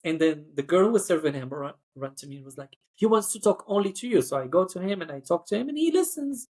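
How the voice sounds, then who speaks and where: A man's voice: fairly high pitch, expressive, quick pace, darkish tone. A man who works as cabin crew, telling a story in a chatty podcast style, full of "like" and acted-out voices. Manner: chatty, acts out quoted voices, frequent "like".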